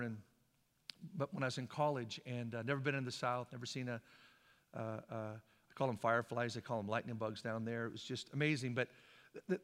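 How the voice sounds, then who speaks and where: A man from Idaho preaching a sermon as a pastor, shifting between hushed, slow passages and loud, fervent ones. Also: mid-range voice. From Boise, Idaho. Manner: impassioned, swings from hushed to loud. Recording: long hall reverb.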